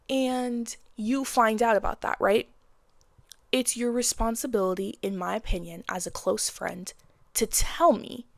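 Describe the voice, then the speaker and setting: A woman's voice: mid-range voice, vocal fry, no echo. A woman in her twenties giving frank, casual advice in a blunt monologue, with slang and swearing. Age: 20s. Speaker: vlogger.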